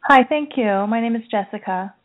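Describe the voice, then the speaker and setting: A woman's voice: a little high, moderate pace. A woman calling in to a radio show, asking politely and earnestly. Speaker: caller. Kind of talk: call-in radio question. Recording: tinny phone line.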